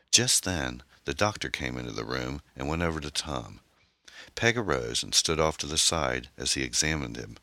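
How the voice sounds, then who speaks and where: A man with an extremely deep voice reads his own novel as an audiobook. His delivery is unhurried and measured, with lots of rise and fall in the pitch. The tone is bright and the sound is close and dry. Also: expressive, dry recording. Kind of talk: scripted audiobook narration.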